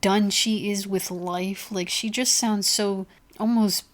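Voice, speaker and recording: Female podcast co-host, mid-pitched, easygoing and a little unsure. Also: slow pace. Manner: relaxed, hesitant, swears casually. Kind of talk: casual chat.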